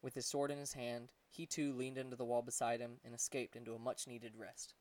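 A man reading a storybook chapter aloud in calm, gentle narration. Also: mid-range voice, fairly quick, dry recording, recorded from a distance. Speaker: audiobook narrator. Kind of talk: scripted narration.

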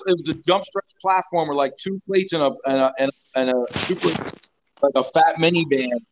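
A man in his forties, a strength coach, telling rowdy gym stories full of swearing and restarts. His voice sits a little high for a man as he rambles on and leans into each punchline. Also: normal speed, a little hiss or hum, poor audio. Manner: profane, rambling, animated storyteller. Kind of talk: casual storytelling interview.

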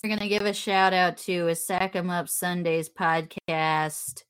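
A woman co-hosting a podcast who does the shout-outs in a loose, profane casual chat. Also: lowish voice, fairly even intonation, smooth. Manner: loose, profane, drawn-out delivery. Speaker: podcast co-host.

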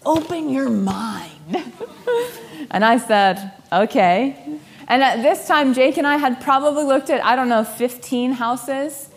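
A young woman telling a personal story in a lively, laughing way, acting out the voices of the people she quotes. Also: sits high, a little slow. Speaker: speaker sharing a personal story. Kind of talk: storytelling talk.

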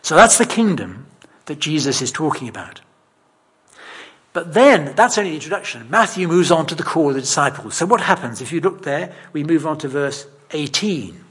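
Husky-voiced conversational male preacher. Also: a little high, very animated, normal speed, a bit bright. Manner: conversational, self-deprecating, emphatic. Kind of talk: sermon.

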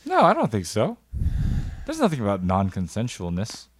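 Teasing man, bouncy low voice. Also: wildly swooping pitch, no room sound. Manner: playful, teasing, quick to ask questions. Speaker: podcast co-host. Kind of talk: casual chat.

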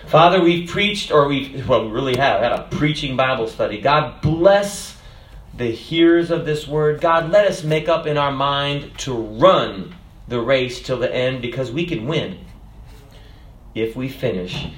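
A man preaching a sermon, reciting song lyrics with rhythm and rising to fervent shouts. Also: medium pitch, expressive, measured pace. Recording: echoey room.

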